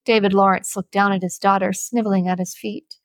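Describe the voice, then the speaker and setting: A woman reading a novel aloud as an audiobook narrator, with steady, measured storybook narration. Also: medium pitch, no room sound.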